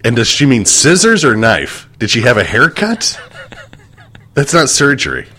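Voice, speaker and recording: A man co-hosting a radio show, tossing in quick deadpan quips in casual banter. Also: medium pitch.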